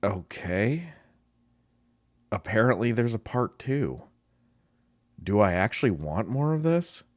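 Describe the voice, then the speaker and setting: Blunt, animated man tearing into an ad. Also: on the low side, takes it slowly, no echo. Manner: blunt, exasperated critique. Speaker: marketing professor reviewing ads. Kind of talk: ad reaction commentary.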